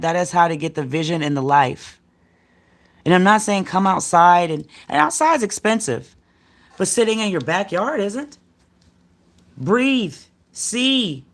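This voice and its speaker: Chatty, rambling middle-aged woman reading tarot. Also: on the low side. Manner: rambling, slangy and chatty, calling the viewer "baby" and "my dear". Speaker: tarot card reader. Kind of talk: casual tarot reading livestream.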